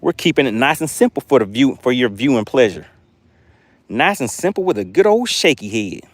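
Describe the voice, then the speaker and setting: A man hosts a live fishing stream from his boat, reading viewers' comments and hyping every catch. His voice sits in an ordinary middle register but swings up and down a lot as he talks. The delivery is chatty and excitable. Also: mid-range voice, moderate pace, dry recording. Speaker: fishing livestream host. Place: outdoors on a boat on a lake.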